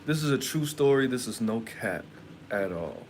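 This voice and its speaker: A man rambles through a personal story for his live chat, blunt and quick to curse. His voice sits at an ordinary middle pitch, with a faint hiss under it. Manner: animated, profane, rambling and blunt. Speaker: livestream host.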